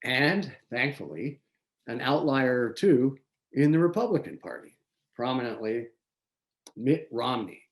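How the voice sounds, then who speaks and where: A man hosting a local community forum, giving prepared political commentary in a measured way, reading from notes with small restarts. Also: mid-range voice, animated. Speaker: forum host.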